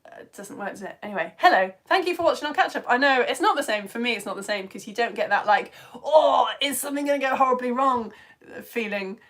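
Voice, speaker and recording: A woman's voice: medium pitch, fast talker, hardly any pauses, fairly bright tone. A woman with a British accent hosting a live online science lesson for home-educated children, reading viewers' chat messages aloud in a bubbly, chatty way and laughing often. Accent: British English.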